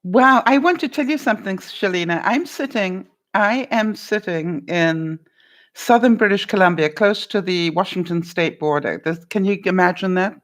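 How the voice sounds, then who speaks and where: A woman's voice: mid-range voice, moderate pace. An older woman vlogger chatting casually with viewers on a live stream from her home, laughing often and calling people by name. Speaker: vlogger answering live chat.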